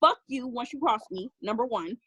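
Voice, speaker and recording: A woman in her thirties on a video call, telling a painful family story in a raw, profane, rushed way. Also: fairly high pitch, expressive, sharp tone, husky, dry recording. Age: 30s. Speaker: group member sharing her story. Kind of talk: emotional personal storytelling.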